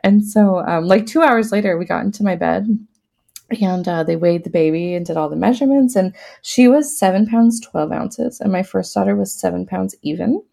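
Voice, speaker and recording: Podcast guest, a woman with a low, gravelly, warm voice, chatty and casual, laughing often as she tells her story. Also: moderate pace. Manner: laughs often while talking; casual, many fillers. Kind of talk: personal storytelling in an interview.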